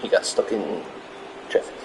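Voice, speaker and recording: A man's voice: moderate pace, over a noisy crowd, low-quality recording. A man streaming a video game, chatting casually in a rambling, profane, jokey way. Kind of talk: casual live-stream chat. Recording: stream mic with steady noise.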